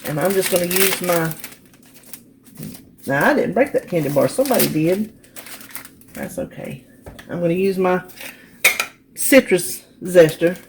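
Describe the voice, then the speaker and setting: A woman's voice: on the low side, animated, a little slow, pauses often. A woman hosts a casual cook-along in her home kitchen and talks viewers through each step. Her voice swoops up and down a lot. A faint hiss sits under the recording. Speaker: cooking channel host.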